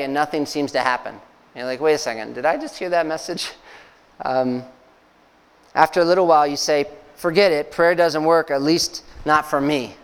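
A man preaching a sermon as pastor, speaking conversationally with fillers and soft laughs. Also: a little high, clear, resonant tone. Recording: long hall reverb.

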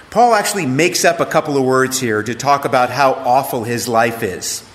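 A man's voice: mid-range voice, normal speed, few pauses, fairly bright tone. A middle-aged man, a pastor, teaching a sermon in a conversational way and asking questions of the people in the room. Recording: echoey hall, faint ambience.

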